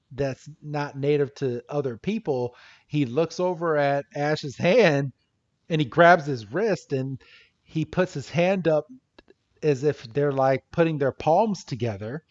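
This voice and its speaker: A man co-hosting a podcast, recapping a scene casually, chatty with frequent laughter and casual swearing. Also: fairly high pitch. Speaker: podcast co-host. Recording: dull lo-fi podcast audio.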